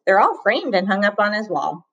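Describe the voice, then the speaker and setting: A woman voicing a quiet young boy who answers in short, hesitant replies. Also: medium pitch, sing-song, moderate pace, muffled recording, pitched above the performer's own voice.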